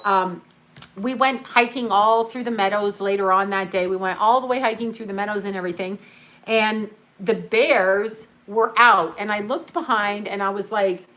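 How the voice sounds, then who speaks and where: Middle-aged woman, livestream host; loose, profane storyteller who laughs mid-sentence; mid-range pitch. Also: fairly bright tone. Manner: chatty, profane, laughs while telling stories.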